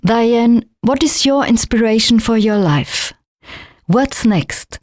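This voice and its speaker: Woman interviewer, mid-pitched, crisp short questions, dry close recording. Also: lively intonation, slow pace, darkish tone, dry recording.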